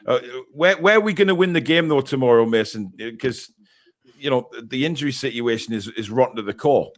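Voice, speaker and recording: A man's voice: mid-range voice, expressive, brisk. A man hosting a casual fan podcast, chatting and reacting with frequent filler words. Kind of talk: casual live-stream chat.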